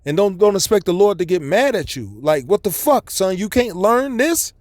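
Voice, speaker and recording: A man's voice: high-pitched, big pitch swings, normal speed, a little mellow, dry recording. A man preaching a blunt, profane, scolding street sermon to his listeners.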